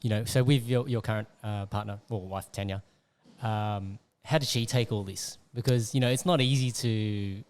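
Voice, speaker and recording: A man hosting an interview, asking questions hesitantly with frequent pauses. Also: lowish voice, darkish tone. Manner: hesitant questioner, many fillers and restarts. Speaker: podcast host, interviewer. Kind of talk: casual interview conversation.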